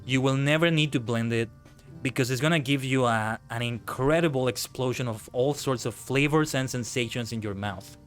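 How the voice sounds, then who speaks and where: Man, streamer, casual chat, profane, animated rants, faint background music. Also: mid-range voice, moderate pace. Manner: ranting, swears freely, animated outbursts. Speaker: VTuber streamer. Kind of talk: casual live-stream chat while gaming.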